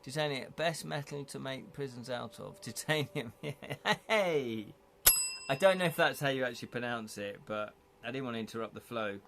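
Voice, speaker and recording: A man's voice: mid-range voice, lively intonation, normal speed, gravelly. A man reading a gamebook aloud on a live stream, chatty and casual, breaking off to joke with his audience.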